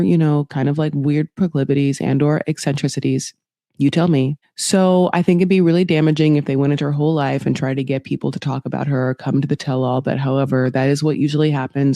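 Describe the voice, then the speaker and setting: A woman's voice: sits low, warm tone, no room sound, studio quality. A woman hosting a podcast, recapping reality TV in a chatty, gossipy way, full of asides and quoted voices. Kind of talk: casual chat.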